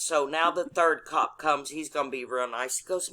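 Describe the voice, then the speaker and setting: A woman's voice: deep voice, normal speed, few pauses, sharp tone. A woman telling a story in casual chat, blunt and profane in manner.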